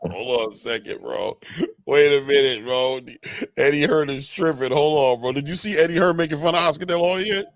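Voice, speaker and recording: A man hosting a casual boxing chat, excitable and slangy, laughing often. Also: on the high side, brisk, dry recording. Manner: excitable, laughing, slangy, says "bro" a lot. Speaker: boxing podcast host.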